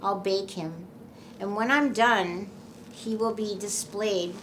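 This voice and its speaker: A woman's voice: mid-range voice, takes it slowly, fairly bright tone, a little hiss or hum. A woman earnestly telling her personal story to the camera, emotional and rambling, with many restarts. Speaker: doll maker and memory care worker.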